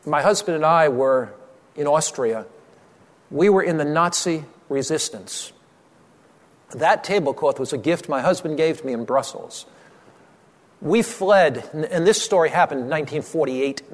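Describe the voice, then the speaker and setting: A man voicing a grieving elderly woman refugee in a quiet, subdued tone, within a sermon. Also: a little high, pitched below the performer's own voice, lightly acted. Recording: long hall reverb.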